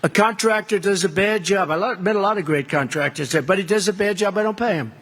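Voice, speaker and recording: A man's voice: high voice, fast, a bit bright. A man giving an off-the-cuff rally speech from a stage, rambling, boastful and repetitive, mocking his rivals into a podium microphone. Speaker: political candidate at a rally. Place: stage at a political event.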